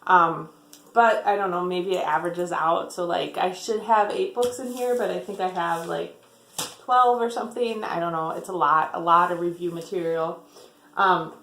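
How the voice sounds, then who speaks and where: A woman's voice: lowish voice, steady tone, moderate pace, fairly bright tone, reverberant. A woman chatting casually about her book haul, rambling, with lots of "like" and "um". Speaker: book vlogger.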